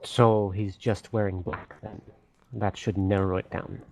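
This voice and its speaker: A man's voice: fairly low pitch, flat delivery, unhurried, vocal fry, no room sound. A man playing a tabletop game, making dry wisecracks. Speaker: player.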